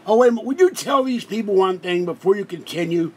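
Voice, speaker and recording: A man's voice: high-pitched, expressive, quick pace, noisy background. Rambling, complaining man hosting a livestream. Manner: rambling, complaining, talks over his guest. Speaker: livestream host. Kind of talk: casual live-stream chat.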